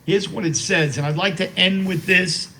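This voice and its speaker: Older man, slightly high voice, halting. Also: steady tone, bright, forceful tone, slight background noise, low-quality recording. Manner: halting, with many fillers and restarts; slow and reverent while reading a poem aloud. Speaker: interview guest. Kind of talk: emotional personal remembrance.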